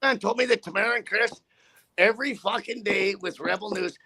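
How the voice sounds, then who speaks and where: Indignant trucker man, rambling and profane, high sharp gravelly delivery. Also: a little fast. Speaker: trucker guest. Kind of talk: casual rant.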